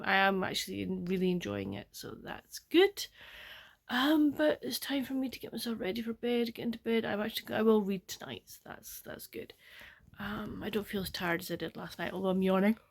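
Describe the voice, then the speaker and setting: An older woman with a Scottish accent, chatting in a rambling, soft-spoken way for her diary-style book vlog at home, often dropping close to a whisper. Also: medium pitch, fairly even intonation, a little fast, gravelly. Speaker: book vlogger.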